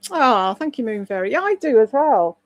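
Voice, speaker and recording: A British woman, a live streamer and voice-over artist, chats casually on a live stream, rambling from topic to topic and reading out viewer comments. Her voice is a little high and sing-song, at a moderate pace, with no echo.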